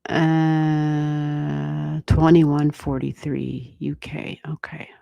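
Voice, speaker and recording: An American woman giving astrology readings on a livestream, thinking aloud and chatting with viewers in a relaxed way, with the odd swear word. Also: sits low, drawn-out words, creaky, dull audio. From United States. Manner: thinks aloud, talks to chat, mild swearing. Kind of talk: casual livestream chat.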